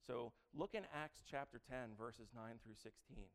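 A man's voice: medium pitch, measured pace, creaky. A man preaching an interactive sermon to his congregation, chatty and joking as he quizzes the audience. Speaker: preacher teaching a Bible lesson.

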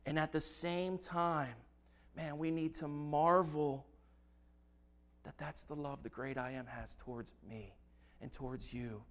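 A man preaching a sermon, reading scripture slowly and earnestly with emphatic stresses. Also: fairly high pitch, a bit bright. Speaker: pastor.

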